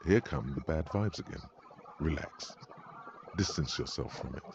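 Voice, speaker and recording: A grave, brooding inner-voice narrator in a video game. The voice is extremely deep and gravelly. The game audio is a little dull, with faint music under it. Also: male voice, expressive, a little slow, noisy background, full character voice.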